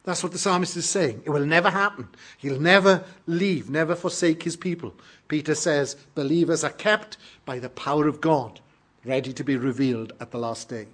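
A man's voice: fairly high pitch, moderate pace. A British man preaching a sermon, reading scripture and explaining it in an earnest, emphatic way. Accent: British English. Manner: earnest, emphatic preaching with sudden loud peaks.

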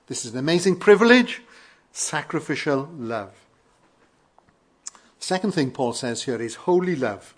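A man from Wales with a Welsh accent, preaching an earnest sermon with emphatic rises and quiet falls. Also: on the high side, expressive, a little slow, pauses often. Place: church in London.

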